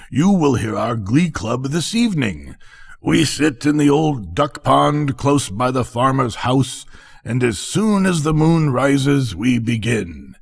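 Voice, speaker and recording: An older man voicing a chatty, self-satisfied frog that talks slowly and gushes. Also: medium pitch, gravelly, breathy edge, full character voice. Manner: slow, gushing, complacent.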